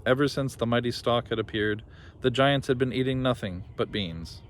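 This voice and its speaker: A man reading a children's story aloud with lively, expressive narration. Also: mid-range voice, normal speed, a little hiss or hum. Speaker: reader.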